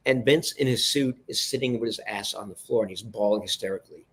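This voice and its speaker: A man telling a long behind-the-scenes story as a guest in an interview, animated, often restarting and turning to the listeners. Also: on the low side, quick pace, breathy edge. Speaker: guest, television producer.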